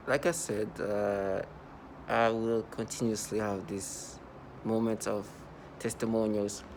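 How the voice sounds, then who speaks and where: Guy rambling to camera, lots of ums and restarts, kinda worked up, a little noise behind him. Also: fairly low pitch. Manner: rambling and repetitive, with many fillers and restarts; earnest and agitated. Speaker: vlogger. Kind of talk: unscripted monologue to camera.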